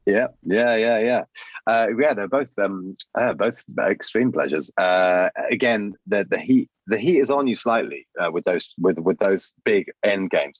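Male podcast guest, low raspy voice, animated storyteller, lo-fi dry line. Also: dry recording. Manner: lively, animated storytelling with quick voice changes. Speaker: guest, puppeteer and voice artist. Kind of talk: casual interview chat. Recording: dull lo-fi dry sound.

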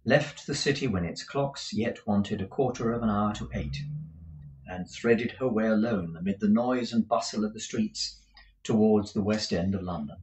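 A man reading a classic novel aloud, in a measured, expressive storytelling manner, with a few explanatory asides. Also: on the low side, slight background noise. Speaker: narrator. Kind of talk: audiobook reading with commentary. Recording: roomy echo.

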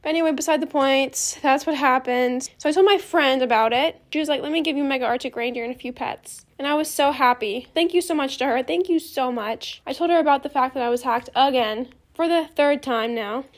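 Teen girl, high voice, casual game voice-over, earnest, rambling. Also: fairly quick, few pauses. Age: teens. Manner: earnest, rambling, repeats thanks. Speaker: gaming YouTuber.

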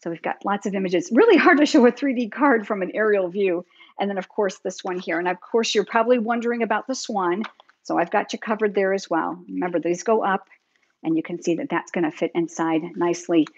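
A middle-aged woman with a medium-pitched, slightly fast, breathy voice runs a live card-making tutorial, chatting upbeat and directly to her viewers. She's demonstrating at a craft table with busy hands, and the sound is lo-fi.

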